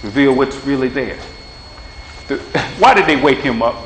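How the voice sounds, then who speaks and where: A man with a medium-pitched, expressive voice and moderate pace gives an informal, plain-spoken, folksy sermon, acting out little dialogues before leading a prayer. The recording has an echoey hall sound with a faint hum.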